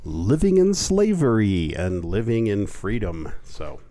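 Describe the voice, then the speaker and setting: A man co-hosting a talk podcast, throwing in playful jokes as he chats. His voice is on the low side and swings lively in pitch. The sound is dry and close. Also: measured pace, dry recording. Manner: joking, playful asides. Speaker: podcast co-host. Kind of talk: casual chat.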